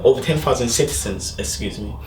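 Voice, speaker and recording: A man's voice: medium pitch, quick pace, echoey room, distant mic, noisy background. A man hosting a casual interview, prompting his guest to tell a story. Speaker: host.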